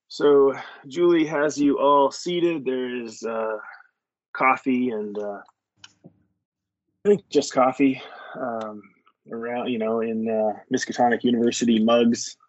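A man's voice: mid-range voice, takes it slowly, long pauses, dry recording. A man running a tabletop game as game master, easygoing and hesitant with many fillers. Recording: dull lo-fi sound, dry.

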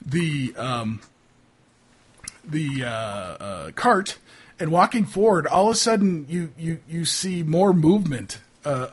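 Man running a tabletop game, high husky voice, halting delivery. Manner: halting, many fillers and restarts. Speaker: game master.

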